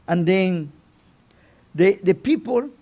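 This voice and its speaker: A man teaching an informal Torah lesson as a rabbi, halting and restarting his phrases and often asking "you know?". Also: high-pitched, animated, a little mellow.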